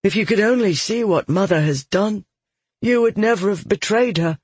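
A man's voice: sits high, moderate pace, slightly rough, dry recording, pitched above the performer's own voice. A man voicing a troubled young man who speaks in a subdued, almost timid way, in an audiobook. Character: troubled youth, timid and subdued, touched by madness. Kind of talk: audiobook narration.

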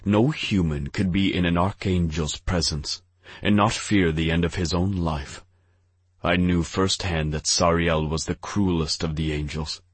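A man narrating an audiobook in the first person with a steady, grave delivery. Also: deep voice, husky, no room sound.

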